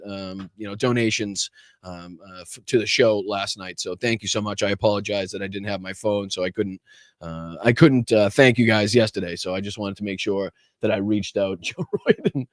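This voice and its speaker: A man's voice: mid-range voice, dry recording. Chatty male political streamer, dry sound. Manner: chatty, many fillers, greets chat viewers by name. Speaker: political livestream host. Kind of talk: casual live-stream commentary.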